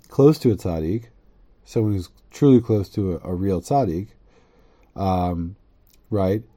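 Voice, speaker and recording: A man giving a casual, rambling Torah lesson, reading Hebrew text aloud, translating it, and joking along the way. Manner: rambling, joking asides, frequent "right?"; bursts into excited high-pitched quoted voices. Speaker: teacher.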